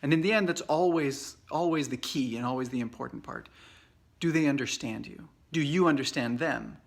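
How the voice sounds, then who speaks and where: A man in his forties with an American accent, giving an informal English lesson in a relaxed, chatty way full of fillers and restarts. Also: mid-range voice, normal speed, creaky. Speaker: English teacher. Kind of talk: casual video lesson. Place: away from home at a conference trip. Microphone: Facebook Live video.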